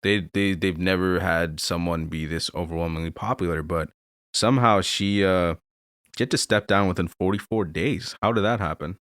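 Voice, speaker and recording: Very deep-voiced man, bright and dry. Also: normal speed, dry recording. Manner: ironic, playing along with mock seriousness. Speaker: podcast host. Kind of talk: ironic comedic podcast chat.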